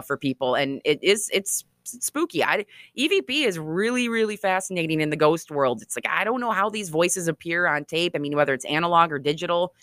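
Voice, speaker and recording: A woman author being interviewed, telling stories in a chatty, animated way with frequent laughs. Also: low-pitched, dry recording, studio quality. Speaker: author and guest. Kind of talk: conversational storytelling interview.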